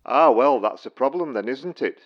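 In a comic sketch, a man from Stocksbridge, England plays a help desk worker who stays unfailingly polite while sounding dry and patronizing. His mid-range voice is animated and moderately paced, rising and falling a lot, and it comes through muffled as if over a phone line.

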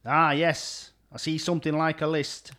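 A man's voice: fairly high pitch, flat delivery, moderate pace, sharp tone. A man playing a grumpy, sarcastic caller who keeps losing his temper with a help desk. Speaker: exasperated caller. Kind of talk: comic sketch acting.

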